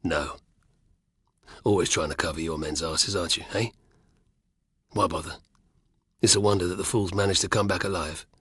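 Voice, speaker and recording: A man's voice: low voice, steady tone, moderate pace, long pauses, fairly bright tone, breathy edge, dry recording, studio quality. A man reading an audiobook, voicing a scornful male Gaul warrior who jeers and grumbles. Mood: grumbling. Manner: scornful, jeering.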